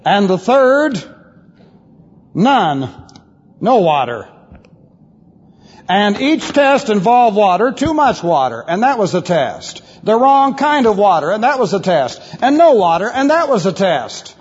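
A high-voiced man preaching with wide, swooping pitch and a slightly husky tone. He teaches from scripture with emphatic rhetorical questions. The recording is dull and lo-fi, with long reverb from a large hall. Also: big pitch swings, slow. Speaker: pastor. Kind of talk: expository Bible teaching.

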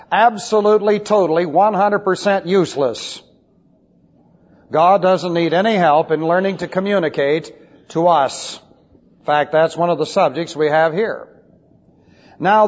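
A man preaching an expository Bible lesson in a fairly high voice, emphatic and wry, dropping scornful asides. The recording is old and muffled, and a long reverb trails off his words in a large hall. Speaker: pastor.

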